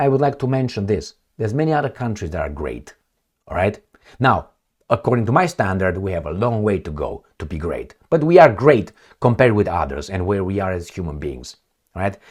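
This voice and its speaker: A man's voice: lowish voice, a little mellow. A man giving solo commentary on news stories, reading headlines aloud and answering them in a blunt, sarcastic way. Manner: blunt, sarcastic, reads headlines then rants. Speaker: political commentator.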